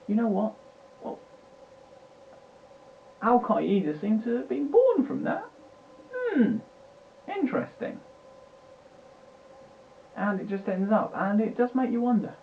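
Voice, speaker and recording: A man's voice: medium pitch, gravelly. A British man ranting and swearing in a rambling, agitated way, recorded at home at his computer. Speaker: vlogger. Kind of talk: unscripted political rant. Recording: tinny lo-fi mic with faint hiss.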